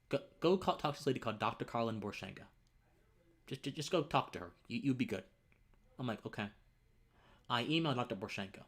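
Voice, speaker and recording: A man's voice: medium pitch, fairly bright tone. A young man hosting his own livestream, telling a personal story in an earnest way. He gets choked up and tearful, and his voice drops to near whispers. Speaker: livestream host.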